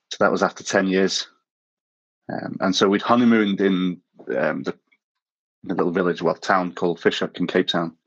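A man with a lowish voice talks casually as a podcast guest, working his way through long personal anecdotes. He was born in South Africa and tells his stories with a self-mocking streak, often breaking into a chuckle at his own expense. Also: dull audio. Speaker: podcast guest, former missionary. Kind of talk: casual anecdotal interview talk.

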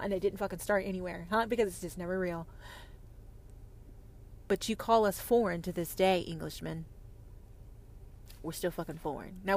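A woman hosting a podcast, delivering a profane, confrontational rant that swings between loud outbursts and hushed lines. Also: medium pitch. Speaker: podcast host. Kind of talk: ranting podcast monologue.

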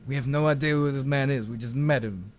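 Brief: a man as a courteous mob boss, calm, earnest, repeating himself. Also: mid-range voice, fairly quick, slight background noise, close to an everyday voice. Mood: pleading. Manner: repetitive, earnest pleading. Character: respectful male mob boss, calm and pleading.

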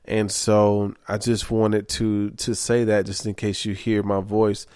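Sleep-deprived young man, low-pitched, candid casual monologue, dry close sound. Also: level tone, measured pace, a little mellow, smooth, no room sound. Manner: candid, emphatic, says okay often. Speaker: vlogger.

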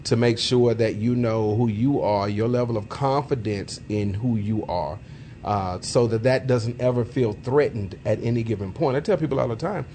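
Male co-host, preachy advice-giver, middle pitch, faint noise behind. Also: normal speed, warm tone. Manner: preachy, reflective, many fillers. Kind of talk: casual chat.

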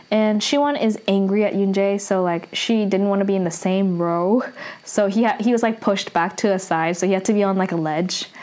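A woman casually recapping and reviewing a TV drama, chatty and full of fillers and restarts. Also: medium pitch.

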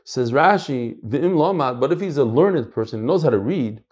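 An American man teaching a Talmud class, emphatic and animated, mixing in Hebrew and Yiddish terms. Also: medium pitch, moderate pace. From United States. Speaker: Torah teacher.

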